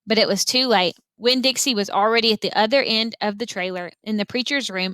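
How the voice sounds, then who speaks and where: Bright-voiced woman teacher reading aloud. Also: medium pitch, dry recording. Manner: directs listeners to follow along, expressive read-aloud. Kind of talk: reading a novel aloud to students.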